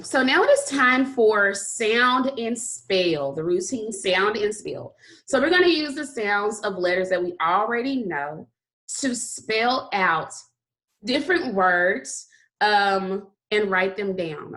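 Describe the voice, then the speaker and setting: A woman teaching a phonics lesson to young children, speaking in a slow, encouraging way and stretching out the sounds of words. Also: medium pitch, lively intonation, fairly bright tone. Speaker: kindergarten teacher.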